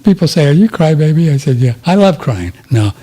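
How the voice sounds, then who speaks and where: A man hosting a radio talk show, agreeable and quick to laugh in casual chat. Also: on the high side, very animated, a crowd in the background. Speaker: radio host.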